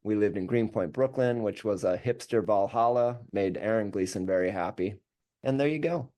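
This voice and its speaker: A man, a musician guest on a podcast, telling stories about his career in a candid, animated, self-deprecating way. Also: on the low side, normal speed. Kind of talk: casual storytelling interview.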